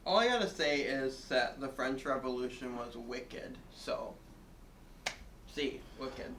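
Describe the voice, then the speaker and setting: Goofy contestant man, bright lively voice, roomy echo. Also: mid-range voice, slow, distant mic. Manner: jokey, goofy, animated. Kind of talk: casual game-show banter. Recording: echoey room.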